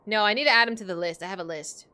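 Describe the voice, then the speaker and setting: A woman's voice: medium pitch, very fast, sharp tone, clear, resonant tone. A young woman streaming a game, chatting casually with valley-girl phrasing, frequent "like" and "literally," and the odd swear word. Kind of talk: casual gaming livestream chat.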